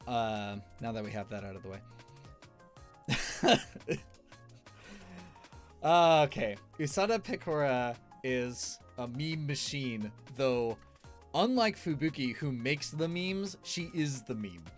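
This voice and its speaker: A man's voice: mid-range voice, animated, takes it slowly, pauses often, soft background music. A man streamer giving rambling, casual tier-list commentary, laughing often between fillers.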